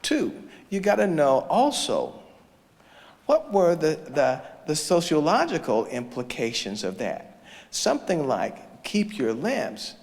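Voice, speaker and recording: A man's voice: a little high, slow. A man giving a storytelling lecture as a choral conductor, acting out the voices of people he quotes. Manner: animated storyteller who acts out quoted voices. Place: large lecture hall or church indoors. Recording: long reverb of a large hall.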